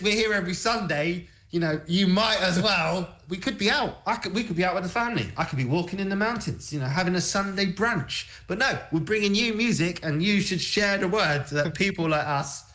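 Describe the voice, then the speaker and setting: A man's voice: on the high side, a bit bright. A man hosting a casual music livestream, joking, laughing and chatting loosely with his co-host. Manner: jokey, laughing, self-deprecating. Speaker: radio show host.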